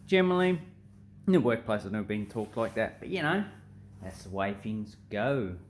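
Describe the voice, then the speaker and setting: A man's voice: fairly low pitch, normal speed, a little hiss or hum. A man with an Australian accent explaining slang in a casual, joking vlog. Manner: animated, joking, crude. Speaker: vlogger.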